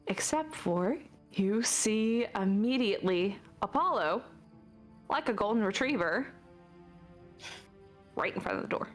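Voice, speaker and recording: A woman's voice: mid-range voice, animated, measured pace, pauses often, soft background music. A woman narrating a tabletop game as game master, in a chatty style full of fillers.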